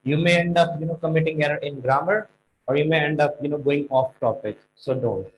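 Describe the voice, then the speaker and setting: A man teaching speaking exam tips, stressing key words and slowing down to make points. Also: fairly high pitch, a little hiss or hum, poor audio. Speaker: IELTS tutor.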